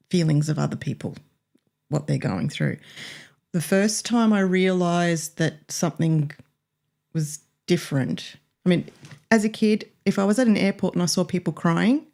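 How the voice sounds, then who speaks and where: A woman with a fairly low voice co-hosts a casual radio chat. She speaks in an open, emotional and reflective way, slowing down when she recalls her feelings. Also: creaky, darkish tone. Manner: emotional, reflective, slow in places. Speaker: radio co-host.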